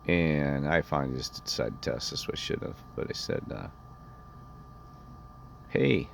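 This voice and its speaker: A man's voice: a bass voice, brisk, gravelly, a little hiss or hum. A man telling a rambling personal story in an indignant, meandering way, often restarting his sentences. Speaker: vlogger.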